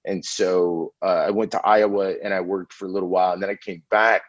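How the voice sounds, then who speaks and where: A middle-aged man from Indiana, a podcast guest telling animated stories about his past and often saying "man.". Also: low-pitched, a little fast, no room sound. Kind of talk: casual storytelling interview. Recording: dull lo-fi audio.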